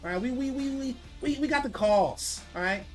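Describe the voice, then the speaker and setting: Brash high-voiced esports fight host. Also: male voice, moderate pace, soft background music. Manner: excitable, repetitive, brash trash talk. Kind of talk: post-fight commentary.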